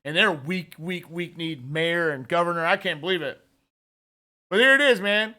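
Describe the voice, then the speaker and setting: A man's voice: on the high side, moderate pace, bright, forceful tone. A man hosting an opinionated political commentary show, ranting in a fired-up, conversational way and talking straight to his listeners.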